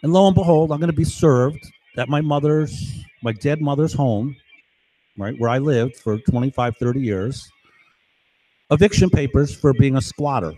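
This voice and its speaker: Recorded with no room sound, a middle-aged man from New York, United States, talks at normal speed in a mellow, medium-pitched voice. He meanders through a long monologue, keeps asking "right?" and "you know?", and imitates voices he overheard.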